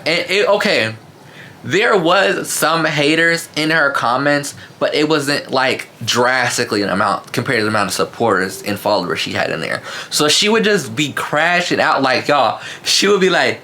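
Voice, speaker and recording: A man telling a casual storytime vlog, animated and slangy, with lots of fillers and asides to his viewers. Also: a little high, moderate pace.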